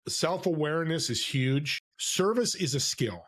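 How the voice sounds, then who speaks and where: A man telling stories as a podcast guest, lively and acting out the voices of people he quotes. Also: a little high, unhurried. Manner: animated storyteller, acts out quoted voices. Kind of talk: storytelling interview. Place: California.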